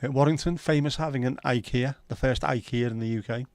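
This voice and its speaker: Male stream host, mid pitch, dry close sound, loose sweary banter. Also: fairly quick, a little mellow, no room sound. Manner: chatty, sweary, banter-filled. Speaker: livestream host. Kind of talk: casual chat reading viewer comments.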